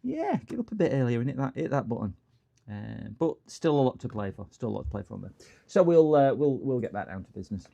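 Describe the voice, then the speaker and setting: Man, middle-aged, rambling and jokey, repair stream host, mid pitch. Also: big pitch swings, fast, vocal fry, mellow, highs cut off. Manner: jokey, rambling, answers chat comments. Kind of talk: casual livestream chat while repairing.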